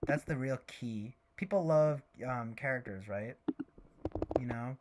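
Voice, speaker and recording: A man's voice: mid-range voice, unhurried, background noise. Young male streamer, loose rambling delivery, profane and joking. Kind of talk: casual livestream chat with strangers.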